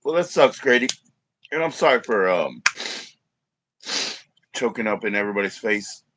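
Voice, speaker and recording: A man's voice: lowish voice, lively intonation, normal speed, fairly bright tone, a little hiss or hum. Rambling, cussing man live streaming. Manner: rambling, loose and profane, talks to chat. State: coughing at times. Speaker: livestreamer. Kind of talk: casual live stream chat.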